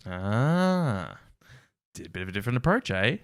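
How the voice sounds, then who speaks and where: A man's voice: lowish voice, very animated, moderate pace, smooth, dry recording, clean studio sound. A man hosting a casual reaction commentary, wry and incredulous, laughing often. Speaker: reaction video host.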